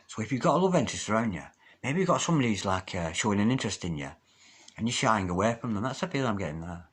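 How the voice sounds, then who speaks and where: A man giving a solo tarot reading to his viewers, chatty and encouraging, with sudden loud exclamations that drop to hushed, near-whispered asides. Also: fairly low pitch, very animated, very fast, husky. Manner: chatty, encouraging, repeats pet phrases. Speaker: tarot reader.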